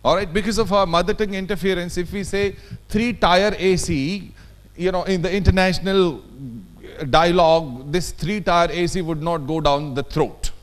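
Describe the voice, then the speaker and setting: A man's voice: high voice, fairly even intonation, normal speed. A man with an Indian English accent leading a workshop, talking emphatically and often checking in with his audience. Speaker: workshop trainer. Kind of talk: lecture workshop. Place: conference hall.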